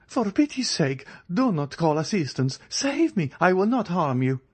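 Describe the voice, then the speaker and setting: A man's voice: mid-range voice, big pitch swings, normal speed, creaky, darkish tone, pitched above the performer's own voice. A man voicing a desperate young male fugitive who pleads and later turns mocking. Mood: pleading.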